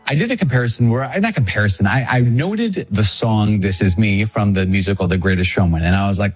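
Husky, low-voiced priest preaching casually. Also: male voice, fairly quick, few pauses, soft background music. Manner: energetic, conversational, jumps into pitched-up quoted voices. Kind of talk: podcast homily.

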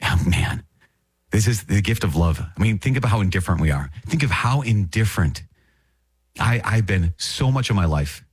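A deep, slightly husky man teaches the catechism on his podcast, reading a passage and then unpacking it in an earnest, conversational way. He circles back and repeats key phrases for emphasis. His voice sits close and dry, with no room around it. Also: animated, moderate pace, no echo. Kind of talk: casual teaching with read passages.

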